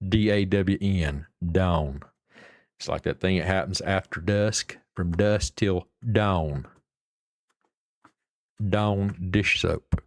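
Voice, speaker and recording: A man's voice: deep voice, fairly even intonation, slow, no room sound, studio quality. A middle-aged man, chatting casually and rambling to his livestream viewers. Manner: rambling, folksy, swears casually. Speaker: livestream host.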